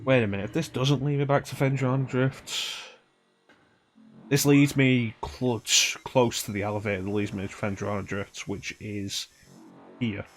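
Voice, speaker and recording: A man's voice: mid-range voice, flat delivery, moderate pace. Guy streaming a game, rambling along, hums little tunes to himself, faint music under. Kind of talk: casual gameplay commentary.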